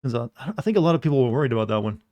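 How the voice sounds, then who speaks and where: A man's voice: medium pitch, rapid-fire, mellow. Male streamer, sleepy, drawling, casual chat with viewers.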